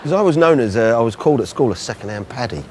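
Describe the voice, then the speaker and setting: A man presenting a TV documentary, chatting and interviewing in a lively, friendly way. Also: medium pitch, heavy background noise. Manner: chatty, animated, quick laughs. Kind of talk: casual interview chat.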